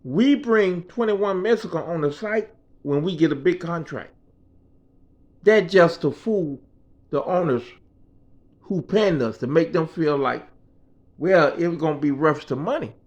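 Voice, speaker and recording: A man voicing a calm, blunt contractor who speaks slowly and matter-of-factly. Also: on the high side, dull audio, lightly acted. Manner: slow, level and matter-of-fact. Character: calm, blunt male contractor boss, middle-aged.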